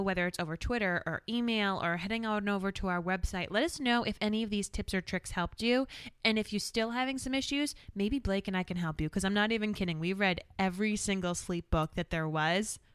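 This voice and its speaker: Smooth-voiced woman podcast host. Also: medium pitch, brisk, a bit bright, no echo, studio quality. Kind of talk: podcast interview.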